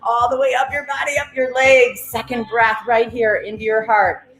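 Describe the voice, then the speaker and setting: Energetic woman leading breathwork, roomy echo. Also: a little high, moderate pace. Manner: energetic, commanding cues, greets viewers by name. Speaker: breathwork and affirmation coach. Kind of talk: live-streamed guided breathing and affirmations. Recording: roomy echo, faint music behind.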